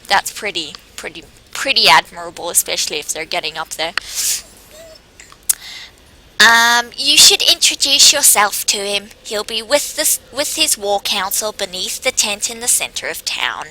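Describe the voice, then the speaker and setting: Chatty lady gamer reading quest text, super bright voice, slow and bouncy. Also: a little high, slight background noise, poor audio. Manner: chatty, giggly, drifts between game text and asides. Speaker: game streamer. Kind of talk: casual let's-play commentary and reading quest text aloud.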